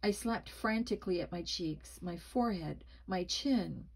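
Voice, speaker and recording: A woman reading a spooky children's book aloud, expressive and dramatic, with small slips. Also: lowish voice, unhurried, vocal fry, slightly rough, low-quality recording. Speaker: storybook reader.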